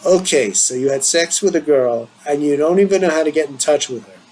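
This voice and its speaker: A man's voice: a little fast, a little hiss or hum, lightly acted, poor audio. Man voicing a playful, needling teen boy; lift the voice up from your own. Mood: teasing. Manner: playful, needling, higher and brighter than his own voice. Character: teasing eager teenage boy leaving for college.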